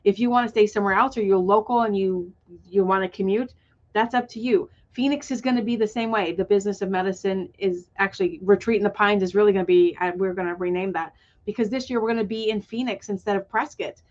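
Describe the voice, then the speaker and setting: A woman's voice: medium pitch, fairly even intonation, quick pace, dull audio. A woman guest on an online webinar, describing her events with enthusiasm and many fillers. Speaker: guest, retreat organizer. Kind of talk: webinar conversation.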